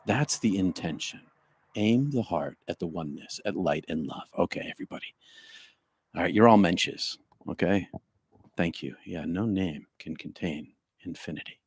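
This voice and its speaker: Slow, low-voiced older man teaching meditation. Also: slightly rough. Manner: slow, deliberate, emphatic, with soft hushed stretches. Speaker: spiritual teacher leading meditation. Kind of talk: livestreamed spiritual talk and guided meditation. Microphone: home streaming microphone.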